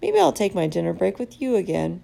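A woman's voice: medium pitch, sing-song, brisk, creaky, dark tone, heavily acted. A woman voicing a jolly, talkative male night janitor in a storybook reading, with a chatty, jokey, friendly manner.

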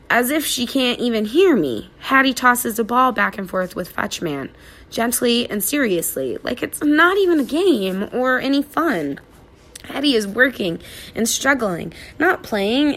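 A woman narrating a children's storybook aloud in an expressive, animated way. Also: a little high, a little slow.

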